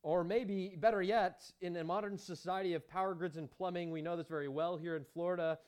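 A man's voice: sits high, fairly even intonation, brisk, a little mellow, clean tone. A man preaching a sermon as pastor, emphatic, with rhetorical questions and chatty asides to the congregation.

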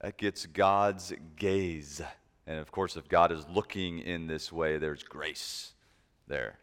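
A man preaching a sermon, emphatic, shifting between loud stressed points and soft asides. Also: low voice, steady tone, takes it slowly, clear, resonant tone. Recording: long reverb of a large hall.

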